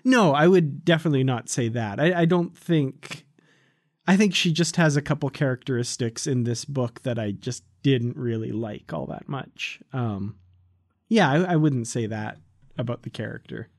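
A man's voice: mid-range voice, moderate pace. A man co-hosting a casual book discussion podcast, hesitant and hedging, laughing often. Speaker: podcast co-host.

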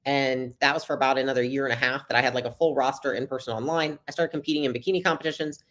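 A woman's voice: very deep voice, fairly even intonation. A young adult woman, a podcast guest, telling her story in a casual, chatty interview and acting out the dialogue. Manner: fast, chatty, acts out quoted dialogue.

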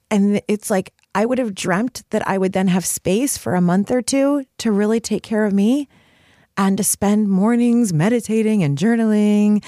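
Woman podcaster talking earnestly, emphatic and open, mid pitch, dry close sound. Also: a little mellow, no echo. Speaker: podcast host. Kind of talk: solo podcast monologue.

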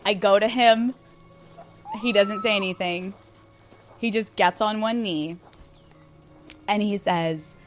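A young woman from Pennsylvania hosting a podcast, telling a personal story in a casual, excitable way, swearing freely and saying "like" a lot. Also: mid-range voice, slow, pauses often, soft background music. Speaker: podcast host.

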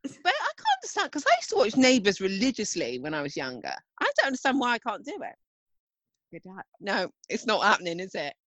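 A woman co-hosting a podcast, chatting casually with bubbly animated storytelling and frequent laughter. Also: medium pitch, quick pace, hardly any pauses, dry recording, rough recording. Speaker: podcast co-host. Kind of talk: casual chat.

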